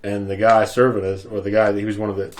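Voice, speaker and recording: Fast-talking man, rambling and profane. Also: lowish voice, level tone. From Ohio. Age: adult parent. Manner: rapid, rambling, swears often. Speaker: co-host. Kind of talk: casual chat.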